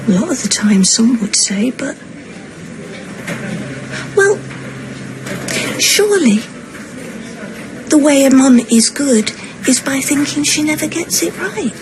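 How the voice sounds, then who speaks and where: A fretful, plaintive mother in her sixties, in her vowels, pitching her voice a touch high as she justifies herself in rushing runs. It is a TV soap scene, heard over a steady hiss of background noise. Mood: self-pitying. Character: anxious, self-pitying older mother and grandmother. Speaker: soap opera character. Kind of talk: television drama acting. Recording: noisy broadcast soundtrack.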